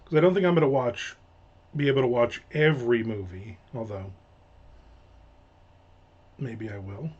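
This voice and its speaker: A man's voice: mid-range voice, normal speed, long pauses, a little mellow. American guy rambling and joking through a livestream chat, kinda muffled lo-fi mic. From United States. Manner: rambling, jokey, trails off and restarts often. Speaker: livestream host. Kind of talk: casual livestream chat reading viewer comments. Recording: slightly dull lo-fi home mic.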